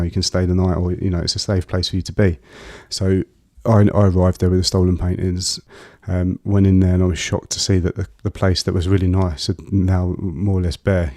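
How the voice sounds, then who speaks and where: A deep-voiced man speaks in a low, even tone that barely rises or falls. His story comes out halting, full of fillers and restarts. The sound is close and dry. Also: no echo. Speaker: guest. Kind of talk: personal storytelling in an interview.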